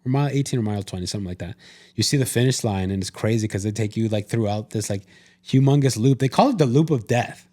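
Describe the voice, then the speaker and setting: A fast-talking podcast co-host with a dark, lowish voice casually narrates an experience he had, repeatedly restarting and quoting his own self-talk in relaxed conversation.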